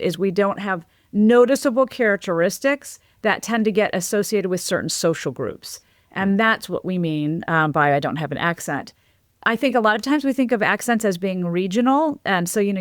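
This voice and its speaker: A woman speaks as a guest on an interview podcast, laying out her explanations in an easy, animated conversational manner. Her voice sits in a middle register and is recorded close and dry, with no room sound. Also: medium pitch, no room sound. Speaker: linguist guest.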